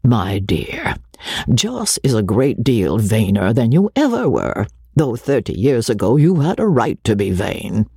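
A man voicing a jovial, teasing older gentleman who mocks his son, in a breathy, lifted voice. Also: medium pitch, wildly swooping pitch, unhurried, no room sound, studio quality, heavily acted. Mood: wry. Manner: mocking, bantering.

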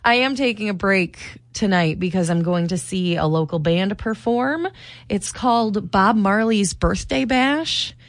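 A woman's voice: mid-range voice, a little slow, no echo. A young woman, co-hosting a morning radio show in easygoing, giggly banter.

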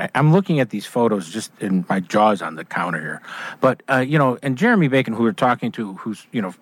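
A man's voice: mid-range voice, slightly rough, no room sound. An older man hosting an outdoors radio show, chatting with a guest, enthusiastic and rambling with fillers and restarts. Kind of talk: casual radio chat.

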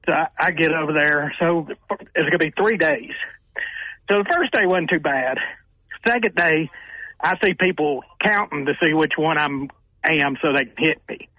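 Older sportswriter, raised pitch, lively storytelling, dry close sound. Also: male voice, dry recording, rough recording. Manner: animated storyteller who acts out quotes with raised voices. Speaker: sportswriter guest. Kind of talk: radio interview storytelling.

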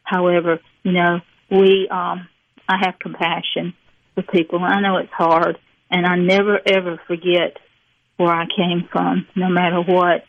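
A woman's voice: on the low side, flat delivery, a little slow, dry recording, narrow, tinny audio. An older woman from rural Mississippi with a Southern accent, chatting as an author guest in a rambling, folksy way with frequent laughs. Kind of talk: casual interview chat.

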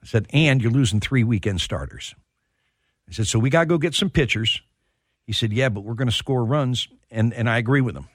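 A man who is a sports broadcaster, telling stories as a guest on a radio show, animated and full of restarts. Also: mid-range voice, a little fast, no echo, clean studio sound. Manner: animated storyteller, stumbling restarts. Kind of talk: casual sports radio chat.

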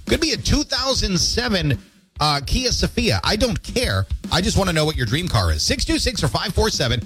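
A man hosting a morning radio show, chatty and jokey, his throat squeaky from allergies. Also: big pitch swings, normal speed, a bit bright, faint music behind. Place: radio studio.

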